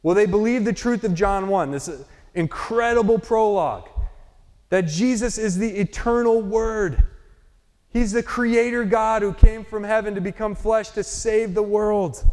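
Guy preaching a bible sermon, higher voice, earnest, lots of rhetorical questions, echoey hall. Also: measured pace, darkish tone. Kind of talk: expository sermon.

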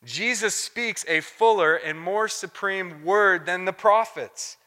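A man's voice: high voice, slow pace, pushed and bright. A man preaching a sermon in an earnest, emphatic way, often checking in with "right?". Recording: long hall reverb.

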